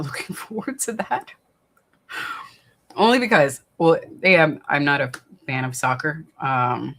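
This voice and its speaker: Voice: mid-range voice, fairly bright tone. A livestream watch-party host from the New York area, chatting casually, reading out viewer comments and rambling with many fillers.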